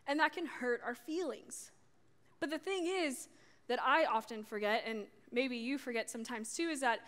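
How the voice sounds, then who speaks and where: A young woman speaks in a high, lively voice, telling a story from her own life as part of a sermon. She acts out the back-and-forth with her family, then turns it to her listeners. A long reverb trails her words, as in a large hall. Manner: animated storytelling, acting out family dialogue. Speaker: youth speaker.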